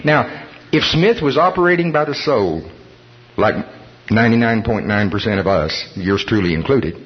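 A man preaching a sermon, telling a story with animated delivery, chuckling and acting out the voices of people in it. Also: fairly low pitch, normal speed, husky. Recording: dull lo-fi sermon recording.

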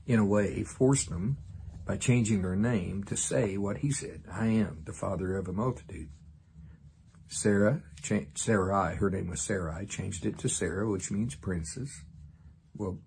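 A middle-aged man preaching a sermon in an animated, emphatic way, often chuckling and repeating his key phrases. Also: fairly low pitch, a little hiss or hum.

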